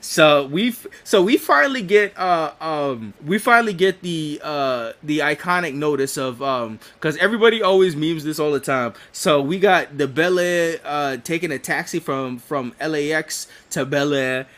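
A man's voice: a little high, normal speed, few pauses, fairly bright tone. A man co-hosting a podcast, recapping a show episode in casual, profane talk, laughing often and restarting sentences. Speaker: podcast co-host.

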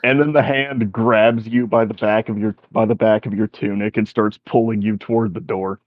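A man narrating as game master in a slow, descriptive storytelling manner. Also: on the low side, steady tone, no echo. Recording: dry, dull sound.

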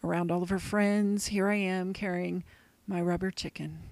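A woman's voice: lowish voice, little pitch movement, normal speed, darkish tone, no echo. A woman co-hosting a show, telling a childhood story in a wistful, earnest way. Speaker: co-host. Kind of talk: personal storytelling.

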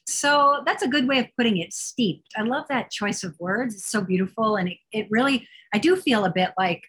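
A woman's voice: fairly high pitch, animated, moderate pace, husky. A woman guest on a podcast, explaining Sanskrit words in a careful, patient way. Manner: careful, explanatory, warm laughter. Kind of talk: casual podcast interview.

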